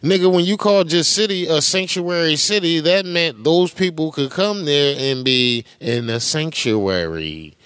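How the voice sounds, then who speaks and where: A man hosts a podcast and reacts to clips with heated, profane commentary. His voice sits a little high and mocks freely. The sound is dry and close, with no room around it. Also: measured pace, hardly any pauses, a bit bright, no echo. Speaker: podcast host. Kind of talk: casual commentary.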